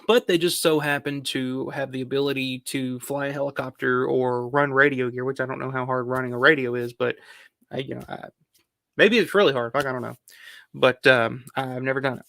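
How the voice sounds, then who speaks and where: Man, casual rambling film talk, gravelly voice, dry close sound. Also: medium pitch, steady tone, brisk, pushed and bright, no echo. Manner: rambling, filler-heavy, swears casually. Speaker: film review channel host. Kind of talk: casual countdown commentary.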